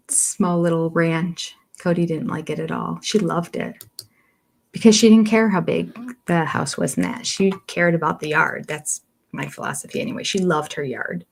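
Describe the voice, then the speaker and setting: An older woman hosts a livestream reviewing a reality show, chatting casually, reading viewer comments, rambling, and laughing easily and often. She also coos to her cats in a high voice. Her voice is creaky and husky, at a normal speed.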